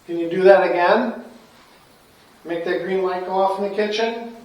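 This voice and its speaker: A man on a ghost hunt in an old house at night, asking questions into the dark in a hushed voice. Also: high-pitched, steady tone, normal speed. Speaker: paranormal investigator. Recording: very echoey, distant.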